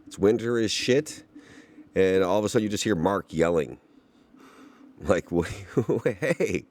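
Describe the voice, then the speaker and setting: A man's voice: low voice, moderate pace, a little mellow. A young man hosting a podcast, chatting loosely about a show he just watched, with plenty of swearing, fillers and laughs. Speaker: podcast host. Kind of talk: casual reaction chat.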